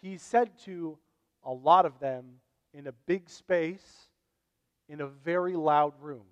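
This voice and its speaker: A man delivers a Sunday sermon as pastor, talking in a loose, conversational way full of asides. His voice sits high for a man. The sound carries the long reverb of a church hall. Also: slow pace, muffled recording. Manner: conversational, animated preaching with asides.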